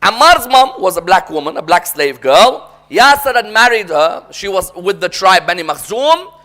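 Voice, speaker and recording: A man's voice: sits high, big pitch swings, normal speed, pushed and bright. A man preaching a sermon as a dramatic story, often prompting the audience to respond.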